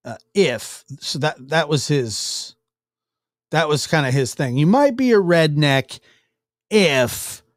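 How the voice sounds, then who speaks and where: A man's voice: medium pitch, no echo, clean studio sound. A man giving casual commentary as he reacts to news clips, rambling with restarts and chuckles.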